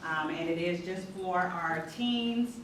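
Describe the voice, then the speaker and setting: A woman's voice: fairly low pitch, takes it slowly. A woman hosts a community forum, affirming and casual with the audience. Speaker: event host. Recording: echoey hall, distant mic, crowd noise.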